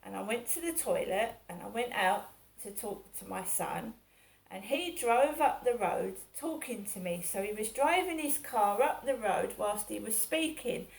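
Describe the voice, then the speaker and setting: A middle-aged vlogger with a gravelly, medium-pitched voice and lively intonation speaks a little slowly. She goes over her day in an aggrieved, rambling way, repeating herself as the monologue circles back.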